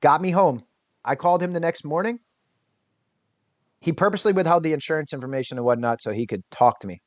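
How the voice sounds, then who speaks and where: A man guest on an interview podcast, telling a personal story in a casual, lively way and acting out what others said. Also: a little high, fast, no echo. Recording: dull lo-fi dry sound.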